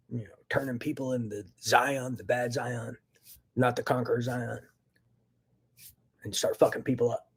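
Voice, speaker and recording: A man ranting angrily into the camera in a profane, agitated monologue, swinging between loud outbursts and low muttering. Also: husky. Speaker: vlogger.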